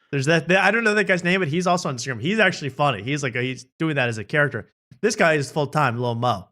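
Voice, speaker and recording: A man's voice: mid-range voice, fast talker, sharp tone. A man hosting a casual late-night show, laughing and joking about comedy clips. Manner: laughing, playful, putting on silly voices. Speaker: host.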